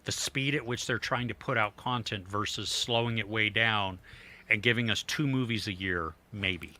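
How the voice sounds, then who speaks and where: A man's voice: lowish voice, normal speed, pushed and bright. A middle-aged man co-hosting a podcast, talking casually and rambling with fillers and restarts. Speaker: podcast co-host. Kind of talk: casual chat.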